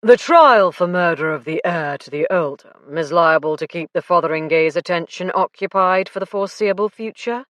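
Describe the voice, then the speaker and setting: Woman voicing a calm, grim police detective. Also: fairly low pitch, normal speed, hardly any pauses, dry recording, natural voice. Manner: mild, grim. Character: calm middle-aged male police detective.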